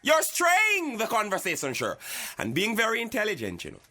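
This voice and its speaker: A man playing an excitable male talk show host, who preaches unity and is pompous about his own intelligence. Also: moderate pace, exaggerated voice. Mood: indignant. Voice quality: high, bright and shrill. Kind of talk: comedy sketch acting.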